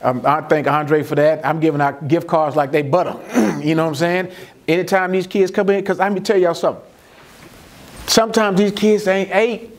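A middle-aged juvenile court judge addresses a community audience, animatedly acting out courtroom conversations at a moderate pace. His voice sits a little high, jumping up in pitch for his own exclamations and dropping low and soft for the children's replies.

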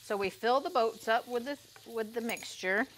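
Brief: cooking presenter, woman, higher voice, lively instructive manner, faint noise. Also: moderate pace. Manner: lively, laughs easily, gives kitchen instructions. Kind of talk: cooking demonstration chat.

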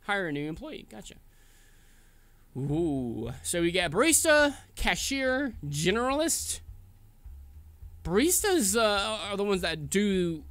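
A man hosting a casual let's-play, chatting in an excitable, jokey way while he plays. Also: high voice, no room sound. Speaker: gaming channel host.

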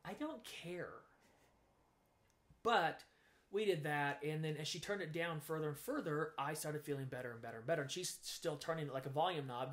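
A man's voice: on the high side, moderate pace. A man in an interview, candidly telling a personal story and acting out what people said. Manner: animated, acts out quoted voices, frank. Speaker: guest sharing his story.

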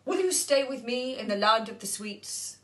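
A woman voicing a grateful, tender young prince in a children's storybook, in a gentle voice. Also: on the high side, expressive, normal speed, reverberant, lightly acted.

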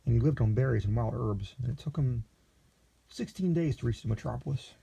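Brief: male storyteller, deep dark timbre, raspy and gravelly, plain unhurried reading.

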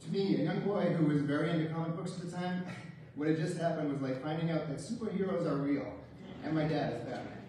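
A man's voice: a little high, a little fast, mellow, a little hiss or hum. A man delivers a eulogy in a church, spinning wry, humorous anecdotes about his late father with little chuckles. He sounds set back from the microphone, and his voice rings through a very reverberant hall. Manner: wry storytelling with light chuckles. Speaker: son giving a eulogy. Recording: very echoey church, distant mic.

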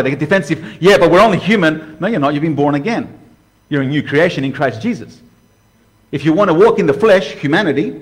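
A man preaching to a live congregation, conversational and direct, asking the room questions and swinging between hushed and loud. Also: on the high side. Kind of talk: sermon. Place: church hall before a live congregation.

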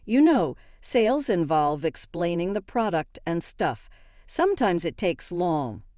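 A woman's voice: fairly low pitch, very animated, unhurried, warm tone, no room sound, clean studio sound. A woman reading as a blustering, cheating husband. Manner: blustering, defensive. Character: cheating bitter middle-aged husband.

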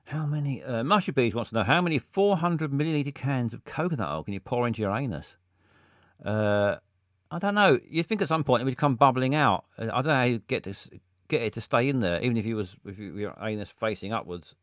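Brief: a man hosting a stream, chatty and halting, close dry mic. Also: medium pitch, expressive, a bit bright, no room sound. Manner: rambling and hesitant, many fillers. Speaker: streamer host. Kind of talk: casual live-stream chat.

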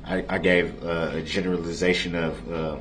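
A man defending himself in a courtroom, speaking in a halting, hesitant way. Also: deep voice, flat delivery, fairly bright tone, slight background noise. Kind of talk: courtroom argument.

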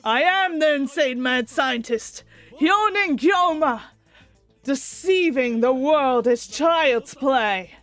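A woman's voice: high voice, lively intonation, slow pace, a bit bright, exaggerated voice. A woman voicing a theatrical young male mad scientist, declaiming in a grandiose way in a visual novel reading. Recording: faint music behind.

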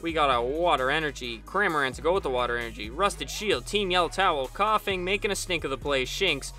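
A man's voice: a little high, fairly quick, bright, forceful tone, soft background music. A young man hosting his own channel, giving casual commentary as he opens card packs, rattling off card names and bursting into cheers at good pulls. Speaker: channel host opening trading card packs. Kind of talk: casual pack-opening commentary.

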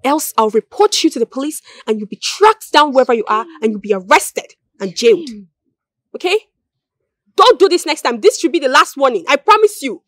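A young Nigerian woman with a high voice who speaks firmly and sternly. Her Nigerian English accent is clear. The sound is dry and close. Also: big pitch swings, a little fast, a bit bright, no echo. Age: young adult. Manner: firm, stern. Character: young woman, principled and sharp-tongued. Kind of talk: Nollywood film acting.

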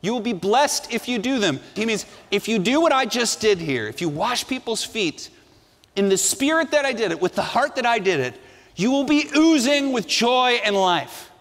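A male pastor preaching a sermon with emphatic delivery, dropping to a hush and then rising to ringing emphasis. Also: very high voice, sing-song, normal speed, long reverb tail. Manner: emphatic, swinging between hushed and ringing delivery.

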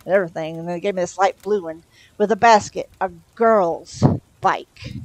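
A woman's voice: fairly low pitch, moderate pace, no room sound, natural voice, low-quality recording. A woman reading aloud and voicing an opinionated young girl with a sarcastic, authoritative tone.

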